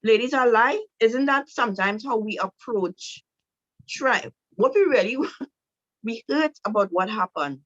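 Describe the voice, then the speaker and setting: A marriage teacher gives an instructive talk to women, speaking directly and repetitively in a coaching style, often asking a rhetorical "right?". Her voice is a little high, a bit bright, animated and unhurried, in a muffled recording with no room sound.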